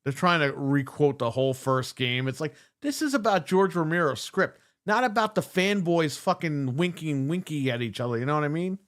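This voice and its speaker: A man's voice: on the high side, expressive, moderate pace, hardly any pauses, fairly bright tone. A man co-hosting a casual gaming podcast, ranting sarcastically and swearing a lot. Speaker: podcast co-host.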